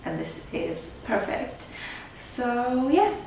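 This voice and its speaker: A woman's voice: high-pitched, sing-song, drawn-out words, a little mellow. A woman vlogger chatting casually through a makeup tutorial, filling her talk with "like" and "kinda". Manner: chatty, filler-heavy with frequent "like" and "kinda". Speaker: beauty vlogger. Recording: very echoey room, mic at a distance, faint background noise.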